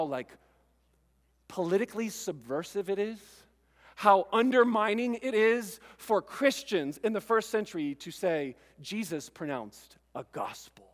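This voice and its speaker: A man preaching an animated sermon as pastor, acting out scenes and bursting into loud outbursts. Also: high-pitched, in a large hall. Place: church hall.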